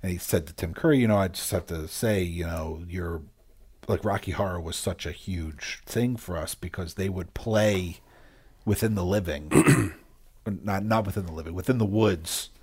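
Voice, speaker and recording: A man with a very low, husky voice co-hosts a casual podcast. He tells his stories in a relaxed, unhurried way. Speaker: podcast co-host. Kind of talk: casual movie chat.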